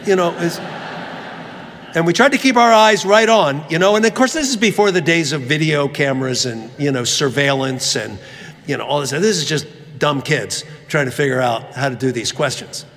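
A man's voice: a little high, normal speed, fairly bright tone. A man giving a sermon, telling a funny story and acting out the voices of the people in it. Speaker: preacher. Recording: long reverb of a large hall.

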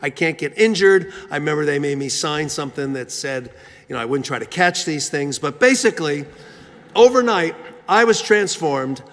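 A man's voice: on the high side, moderate pace, fairly bright tone. A man from Philadelphia telling a humorous, self-mocking story in a sermon, with frequent fillers and restarts. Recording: reverberant church hall.

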